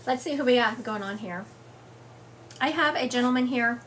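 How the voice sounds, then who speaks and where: A woman's voice: on the high side, moderate pace, a bit bright, slight background noise. A woman hosting a psychic livestream, chatting casually and reading viewer comments aloud with frequent fillers. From US South. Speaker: psychic medium livestream host. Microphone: phone or webcam livestream.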